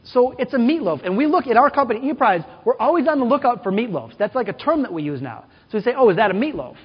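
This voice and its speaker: A man's voice: extremely high pitch, sing-song, fast, husky. A man giving a conference keynote, telling stories with quoted voices and questions to the audience. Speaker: keynote speaker. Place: large conference hall. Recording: dull, hall-echoed conference recording.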